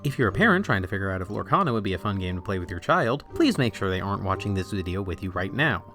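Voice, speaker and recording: A young man narrates a scripted comedic review, his tone dry and sarcastic. His voice sits low but swings widely up and down, keeping the delivery animated. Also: quick pace, soft background music. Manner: sarcastic, irreverent. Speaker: video essay host.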